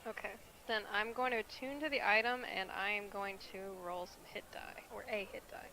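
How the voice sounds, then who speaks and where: Bright-voiced, hesitant female player. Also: medium pitch, a little fast, a little hiss or hum, low-quality recording. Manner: hesitant, lots of fillers. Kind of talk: tabletop role-play.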